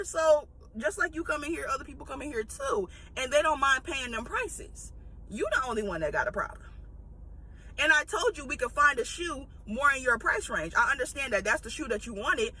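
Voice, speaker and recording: A woman telling a story in a casual, blunt and animated way, laughing and swearing as she goes. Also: high-pitched, low-quality recording.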